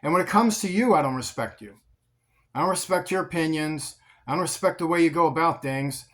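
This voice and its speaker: A man's voice: fairly high pitch, fairly quick, fairly bright tone, natural voice. A man voicing God as a blunt, stern male deity who speaks plainly and scornfully. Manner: plain-spoken, scornful toward the unfaithful.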